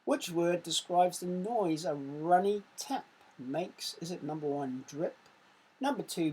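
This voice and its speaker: An English woman teaching young children in a recorded lesson, her voice low and mellow. She reads quiz questions slowly, giving a little extra punch to the sound words, with a slightly husky texture. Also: expressive, low-quality recording. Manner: slow, careful quiz reading with sound-effect emphasis. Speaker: primary school teacher.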